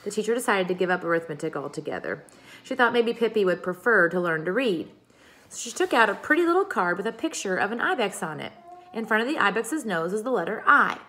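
A woman's voice: mid-range voice, expressive, fast talker, sharp tone. Woman reading a storybook aloud. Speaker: reader.

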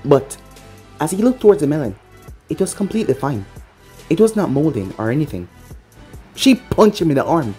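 A narrator reading a fan-fiction story aloud in an expressive way. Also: mid-range voice, moderate pace, long pauses, soft background music.

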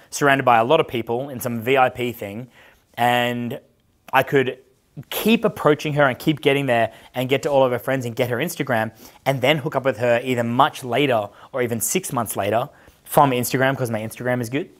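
A man's voice: mid-range voice, steady tone, fairly quick. Brash, foul-mouthed man in his thirties. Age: 30s. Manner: brash, profane, storytelling. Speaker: dating coach. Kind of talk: casual seminar talk with audience questions.

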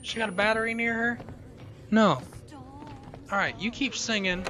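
A man playing a horror game on his channel, jumpy and profane, yelling whenever he gets scared. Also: high voice, moderate pace, music in the background. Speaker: gaming video host.

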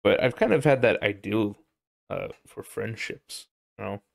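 A man's voice: fairly low pitch, a little slow, vocal fry, dry recording. A man hosting a casual solo podcast, rambling, swearing freely and laughing often. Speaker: podcast host.

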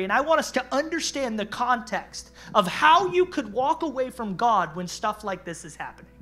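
A male pastor preaching an animated, conversational sermon, acting out voices and laughing along the way. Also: high-pitched. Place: church.

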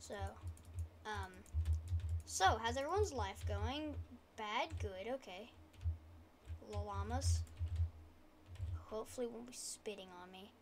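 A woman gaming YouTuber giving casual, rambling gameplay commentary, talking quietly and poking fun at herself, at a desk mic at home. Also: fairly high pitch, takes it slowly, long pauses, noisy background. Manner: rambling, self-deprecating, trying to talk quietly.

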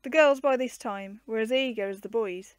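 A woman narrating a classic children's book aloud in a gentle, clear storytelling manner. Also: fairly high pitch, moderate pace, no room sound.

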